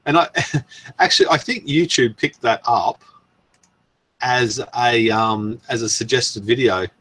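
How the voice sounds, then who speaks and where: A man's voice: mid-range voice, unhurried, a bit bright. A man hosting a casual live stream, rambling and chuckling as he goes through viewer comments. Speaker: channel host.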